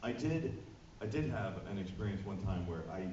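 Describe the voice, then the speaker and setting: Guy telling a story at a con panel, lively delivery, kinda low voice, echoey muffled room. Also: normal speed. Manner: animated storyteller, acts out voices. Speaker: voice actor guest. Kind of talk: anecdote at a convention panel. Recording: echoey hall, distant muffled mic, noisy. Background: audience laughter, room noise.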